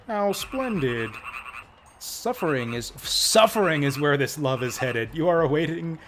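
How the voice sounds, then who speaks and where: A man voicing a female frog sorceress who tells fortunes in drawn-out, theatrical pronouncements. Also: on the high side, animated, background noise. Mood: ominous.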